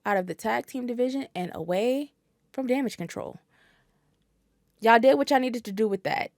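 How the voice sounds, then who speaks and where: A woman's voice: on the high side, lively intonation, normal speed, gravelly, darkish tone, no echo, studio quality. A woman guest on a podcast, talking casually and bluntly, swearing freely and dropping fillers. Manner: blunt and profane, with frequent fillers.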